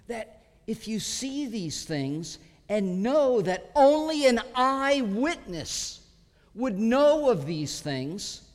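High-voiced man preaching slowly. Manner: earnest, emphatic teaching with many pauses. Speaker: pastor. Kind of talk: expository sermon. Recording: long hall reverb.

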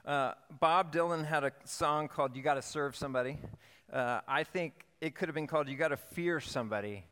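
A pastor delivering a sermon, telling stories in a playful yet earnest way with lively emphasis. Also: male voice, a little high, a little fast, clear, resonant tone. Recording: long hall reverb.

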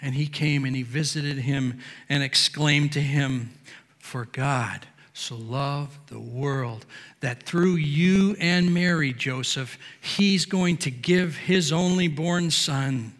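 A man preaching a sermon from a podium, emphatic, swinging between near-shouts and low, quiet lines. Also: takes it slowly, long reverb tail. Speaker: pastor. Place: church sanctuary.

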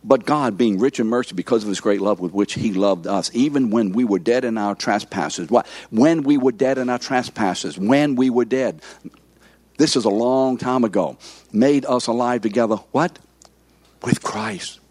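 A man's voice: medium pitch, normal speed, darkish tone, dry recording. A man in his seventies, a pastor giving an interactive sermon who keeps asking the congregation questions.

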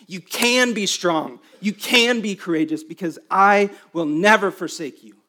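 A pastor delivering a sermon to his congregation, his voice sitting a little higher than most men's. He builds to emphatic, raised lines, then drops to quiet, intimate stretches. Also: a little slow, hardly any pauses.

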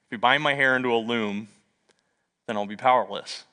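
A man voicing a boastful, evasive biblical strongman in a low, offhand mumble. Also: brisk, sharp tone, in a large hall, lightly acted.

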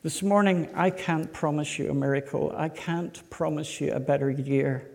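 Man preaching in a church, unhurried and emphatic, slightly high voice with long hall reverb. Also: fairly even intonation, vocal fry. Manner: slow, emphatic, rhetorical questions to the congregation. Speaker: pastor. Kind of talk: sermon. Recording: echoey hall.

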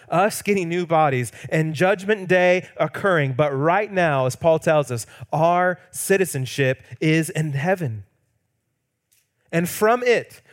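In a fairly high male voice, a pastor delivers his sermon, alternating between booming, emphatic peaks and softly hushed lines. Every so often he plays out quoted lines in a playful manner.

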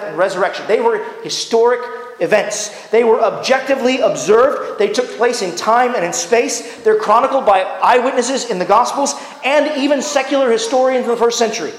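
Earnest preacher in an echoey hall. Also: male voice, extremely high pitch. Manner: earnest, pleading delivery with slow emphatic phrasing. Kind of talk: sermon. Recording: echoey hall with long reverb.

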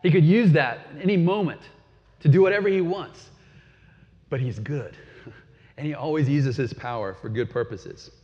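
A man's voice: a little high, normal speed. A man preaching a sermon in a conversational way, often asking his listeners questions. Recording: dull sound with long hall reverb.

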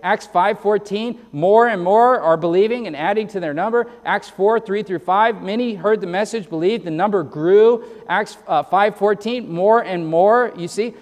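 A male pastor with a high voice preaches earnestly and emphatically, rattling off quick verse citations. He stumbles and restarts, often repeating words as sentences begin, and a lingering hall echo follows him.

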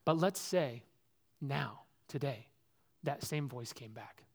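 A man preaching a sermon as pastor, earnest and personal, swinging between loud, high exhortation and quiet, low reflection. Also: lively intonation, slow pace, creaky.

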